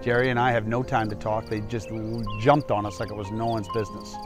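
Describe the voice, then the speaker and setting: A man's voice: fairly low pitch, fairly even intonation, brisk, over music. Candid, emphatic man in his fifties. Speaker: doctor and public speaker. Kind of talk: personal motivational storytelling.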